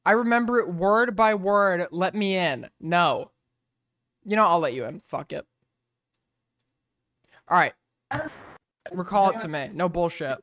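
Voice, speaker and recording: A man's voice: high voice, measured pace, long pauses, a bit bright, no echo, studio quality. A man hosting a casual commentary stream, blunt and exasperated, swearing freely. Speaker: streamer host.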